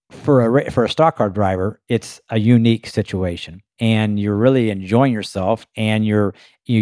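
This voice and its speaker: Low-voiced race car guy rambling through a story, lots of you know and uh, dry close mic. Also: no room sound. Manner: animated anecdote-telling with frequent fillers. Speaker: race car driver guest. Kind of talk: casual storytelling.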